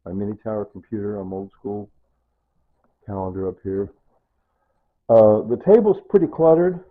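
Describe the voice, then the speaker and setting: A man's voice: on the low side, normal speed. An older man giving a casual, rambling tour of his small home, pointing things out and checking in with "see" and "right?". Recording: tinny phone-like audio.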